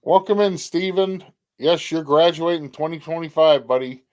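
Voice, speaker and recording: A man's voice: a little high, moderate pace, a little mellow. A middle-aged man hosting a casual livestream, greeting viewers by name and giving blunt opinions. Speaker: livestream host. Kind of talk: casual chat.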